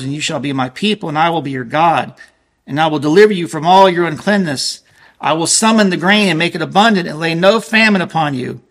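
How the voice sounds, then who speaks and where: Earnest male preacher, fairly high voice. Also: a bit bright. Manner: earnest, emphatic preaching, slowing for stressed scripture. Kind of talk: sermon.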